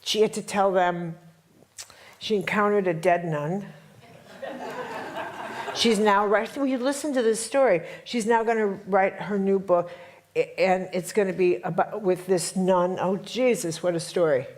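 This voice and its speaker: A woman's voice: medium pitch, measured pace. A middle-aged woman telling a dramatic story to a workshop audience, emphatic and full of repetitions. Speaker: workshop teacher.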